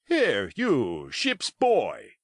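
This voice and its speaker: A man's voice: medium pitch, wildly swooping pitch, very slow, dry recording, clean studio sound, heavily acted. A man voicing a stern middle-aged ship's captain who gives clipped, commanding orders.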